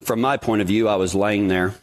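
A man's voice: fairly low pitch, steady tone, fairly quick. A man preaching a sermon, telling his own story in a folksy, dramatic way.

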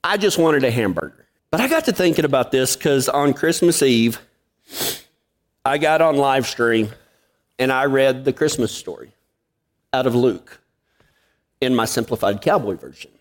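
A man's voice: medium pitch, lively intonation, normal speed, pauses often. A man preaching a sermon, telling a folksy story and acting out the dialogue. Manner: folksy, drawling anecdotes with acted-out dialogue. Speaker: pastor.

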